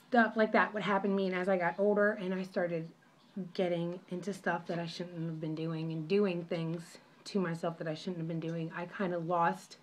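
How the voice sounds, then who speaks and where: A woman's voice: lowish voice, a bit bright. A young woman telling a story in a casual vlog, rambling and apologetic with many restarts, recorded on her phone at home. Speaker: vlogger.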